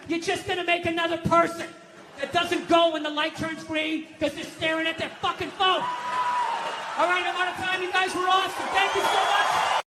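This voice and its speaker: A man doing a stand-up comedy set, profane and ranting, often yelling his punchlines. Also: very high-pitched, background noise. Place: stage before a live audience.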